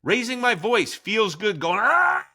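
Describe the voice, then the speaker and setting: Animated, bright-voiced male podcast host. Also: a little high, normal speed. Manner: animated storytelling, acting out quoted lines. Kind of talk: casual podcast discussion.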